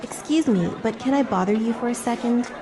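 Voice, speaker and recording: A woman's voice: on the high side, a little fast, crowd noise, lightly acted. A woman playing a hesitant new office worker. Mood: polite, hesitant. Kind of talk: scripted lesson dialogue.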